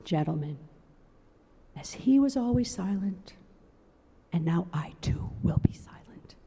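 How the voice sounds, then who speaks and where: A woman voicing a hushed heavenly prosecutor. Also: lowish voice, lively intonation, slightly rough, full character voice. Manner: halting, with long pauses. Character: heavenly male prosecutor, harsh turning soft. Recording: long reverb of a large sanctuary.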